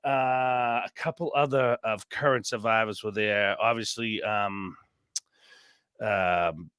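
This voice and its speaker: A man telling stories on a podcast as a guest, animated and rambling, acting out quotes. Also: lowish voice, slow pace, smooth, no echo, studio quality. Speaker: podcast guest, former contestant. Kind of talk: casual storytelling chat.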